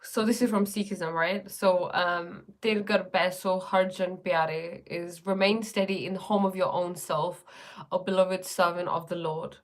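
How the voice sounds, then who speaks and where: A woman's voice: lowish voice, fairly even intonation, a little slow. A woman chatting casually on a livestream, rambling with many fillers and reading viewer comments aloud. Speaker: livestream host.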